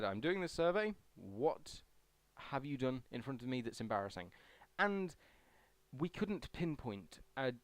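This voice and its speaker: A man's voice: fairly high pitch, no room sound. A young man vlogging casually as he answers a survey, chatty and rambling with self-deprecating asides. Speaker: YouTuber.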